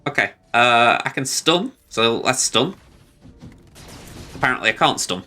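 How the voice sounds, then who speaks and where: A man's voice: mid-range voice, big pitch swings, measured pace, bright, forceful tone, soft background music. A man streaming a video game, chatting casually about his moves and poking fun at himself. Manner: rambling, self-deprecating, chuckling. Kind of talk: casual gameplay commentary.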